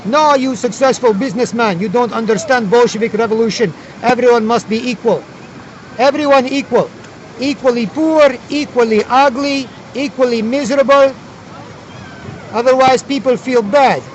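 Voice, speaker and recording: A man mimicking a preachy communist zombie who barks short, broken-English orders in a high, strained voice. His delivery is flat-out dogmatic and mocking. The recording is slightly muffled, with faint city noise outdoors. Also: moderate pace, some chatter behind.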